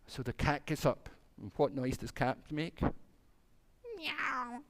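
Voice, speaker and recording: A man's voice: mid-range voice, normal speed. A man, a minister telling a playful children's story during a church service and acting out the animals.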